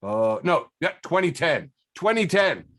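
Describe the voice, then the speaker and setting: A man hosting a podcast, reading social media posts aloud in a lively, swooping voice that sits a bit high for a man. He laughs a lot and hams up the quotes. The sound is dry and close, like a video call. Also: a little slow, dry recording. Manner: animated, laughs often, reads quotes in funny voices. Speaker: podcast host.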